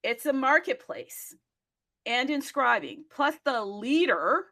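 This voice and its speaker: A woman hosting a casual live audio show, bubbly and excitable, laughing and talking to herself between bursts of enthusiasm. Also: sits high, takes it slowly, dry recording, studio quality. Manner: bubbly, excitable and playful, jumping between loud bursts and asides; frequent laughs and self-talk. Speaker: host.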